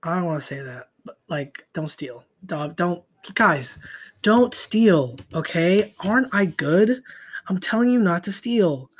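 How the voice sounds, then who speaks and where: A young man hosting a solo podcast, talking in a profane, rambling way and trailing off into mutters. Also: sits high. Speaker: podcast host. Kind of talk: casual solo podcast rant.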